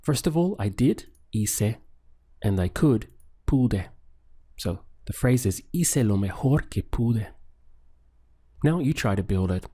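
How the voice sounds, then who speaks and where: Slow, mellow-voiced male language teacher. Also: on the low side, lively intonation, husky. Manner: slow, patient, repeating phrases for the learner. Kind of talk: paced language lesson with pauses for practice.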